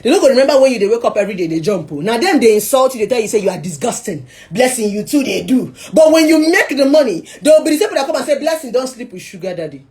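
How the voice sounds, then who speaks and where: A young Nigerian woman with a Nigerian accent giving a lively motivational monologue that slips into Pidgin and mocking chants. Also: a little high, rapid-fire, few pauses. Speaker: social media personality.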